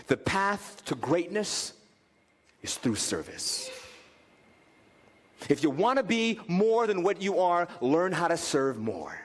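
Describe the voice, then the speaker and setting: High, lively preacher in a church. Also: male voice, slow pace, pauses often. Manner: animated, acts out quoted voices. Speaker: pastor. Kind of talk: sermon. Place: church sanctuary. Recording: reverberant church hall.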